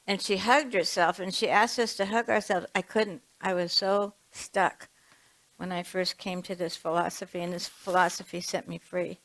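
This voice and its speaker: A woman's voice: mid-range voice, steady tone, normal speed, fairly bright tone, rough recording. A woman in her seventies, a reverend, giving a chatty sermon with storytelling and laughs. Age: 70s.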